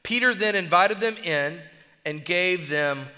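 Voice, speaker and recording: A man's voice: high voice, unhurried, sharp tone, in a large hall. A man preaching a sermon as pastor, emphatic and exhorting with repeated phrases, recorded in a church sanctuary.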